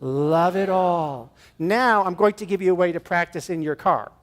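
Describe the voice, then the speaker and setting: High-voiced man giving an animated sermon. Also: fairly quick. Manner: animated, acts out little scenes and leads the audience in a gesture. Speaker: guest speaker at a church service. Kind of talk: inspirational sermon talk. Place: church room with an audience.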